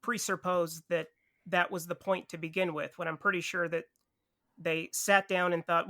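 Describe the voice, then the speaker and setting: A man serving as a podcast juror, talking through a film in a wry, measured way. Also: high-pitched, little pitch movement, pushed and bright. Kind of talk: casual film discussion.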